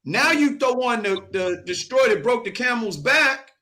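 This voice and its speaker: A man's voice: extremely high pitch, lively intonation, normal speed, pushed and bright. A man giving his take in a casual sports debate, emphatic and storytelling. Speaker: sports panelist.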